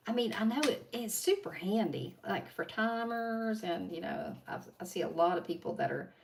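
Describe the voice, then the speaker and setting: A woman with a strong Appalachian drawl chats with her livestream viewers while working on nail art at her home desk. Her voice has a gravelly fry and a chatty, laughing manner. The mic sits some distance away, with a faint hiss underneath. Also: mid-range voice, animated, moderate pace. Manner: chatty, laughing asides, talks to viewers while doing nails. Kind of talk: casual chat while working.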